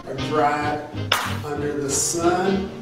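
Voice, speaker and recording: A British man voicing a folksy American wartime egg-ad announcer with a put-on American accent, heard far off in a roomy space under loud swing music. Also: steady tone. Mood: salesy. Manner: slow, salesy pitch.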